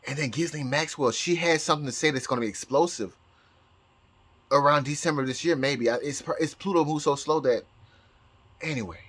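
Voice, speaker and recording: A man's voice: a little high, brisk, fairly bright tone. A man talking in a casual vlog as a psychic, rambling with many restarts and bursts of laughter. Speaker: psychic YouTuber.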